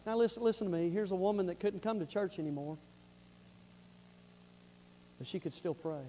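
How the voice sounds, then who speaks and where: A pastor with a Southern accent preaching a sermon, emphatic, moving between loud urgent appeals and quiet earnest asides. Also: male voice, high-pitched, moderate pace, a little hiss or hum.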